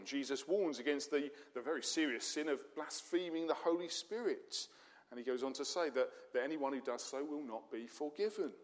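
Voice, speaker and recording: Preacher in a reverberant hall. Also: male voice, on the high side. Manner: conversational preaching with rhetorical questions and dry humour. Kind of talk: sermon.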